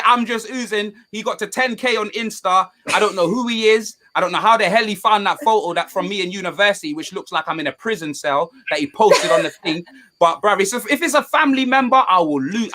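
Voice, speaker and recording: A young man, chatting casually about football on a video call stream, loud and jokey, full of slang. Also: high voice. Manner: loud, jokey and animated, heavy London slang. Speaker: guest.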